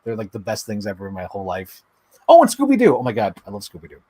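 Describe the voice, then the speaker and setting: A man's voice: on the low side, steady tone, racing, a little mellow, slightly rough, dry recording. A man co-hosting a podcast, rambling enthusiastically about shows with lots of filler words. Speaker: podcast co-host. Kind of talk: casual chat.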